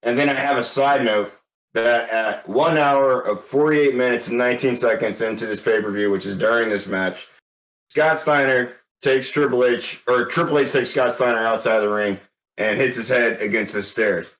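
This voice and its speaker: A man's voice: mid-range voice, normal speed, fairly bright tone. A man co-hosting a wrestling podcast, blunt and laughing as he chats. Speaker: podcast co-host. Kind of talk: casual chat. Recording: roomy, off-mic.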